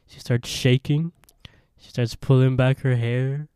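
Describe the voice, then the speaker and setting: A man co-hosting a podcast, casually retelling a horror episode and acting out the characters' lines in quick voices. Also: medium pitch, fairly even intonation, warm tone, clear, resonant tone, dry recording, studio quality. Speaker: podcast co-host.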